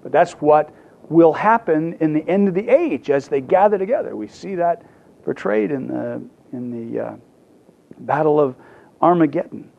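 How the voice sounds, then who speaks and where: A man's voice: on the high side, normal speed, gravelly, phone-quality sound. A man preaching a sermon, telling stories with humor and often restarting his sentences. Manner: lively storytelling with humor and restarts. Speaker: pastor.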